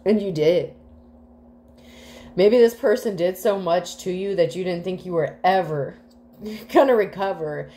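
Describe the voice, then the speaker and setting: A woman's voice: fairly low pitch, unhurried, long pauses, mellow. A woman giving a casual tarot reading to the collective, rambling with many fillers, swearing freely and getting emotional. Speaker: tarot reader.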